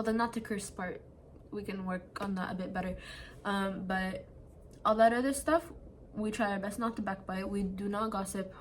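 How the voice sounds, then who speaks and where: A woman's voice: medium pitch, slight background noise. Chatty young woman talking to her phone. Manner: chatty, many "like" fillers, earnest. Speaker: vlogger. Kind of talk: casual late-night chat to camera. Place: at home, seated indoors at night. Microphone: phone camera.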